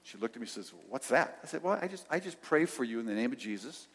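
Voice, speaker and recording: An older male pastor telling a story in a sermon, acting out the dialogue and dropping to soft tones. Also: mid-range voice, lively intonation, quick pace, slightly rough. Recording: long hall reverb.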